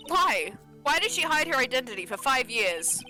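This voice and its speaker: A woman's voice: sits high, very animated, moderate pace, pushed and bright, faint music behind, low-quality recording. Dry-humored female co-streamer. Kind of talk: let's play commentary.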